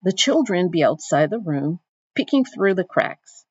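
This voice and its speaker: A woman reading as quiet, enduring Celie. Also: on the low side, very animated, unhurried, husky, exaggerated voice. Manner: reading a first-person novel passage aloud. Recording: dull dry recording.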